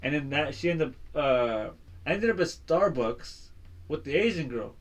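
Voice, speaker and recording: Man, slightly high voice, podcast co-host, rambling storyteller who laughs a lot. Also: expressive, normal speed. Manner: rambling, laughs often, acts out dialogue. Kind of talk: casual chat and storytelling.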